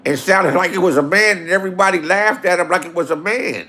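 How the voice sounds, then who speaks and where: A man's voice: sits high, a little fast, pushed and bright. A man casually telling rambling, profane stories and acting out the people in them. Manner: crude, laughing, rambling, acts out quotes.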